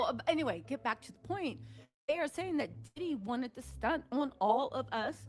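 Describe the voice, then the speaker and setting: Woman doing a gossip reaction stream, kinda high voice, tells it like a story. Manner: animated storytelling, acts out quoted voices. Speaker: commentator. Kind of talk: celebrity gossip commentary.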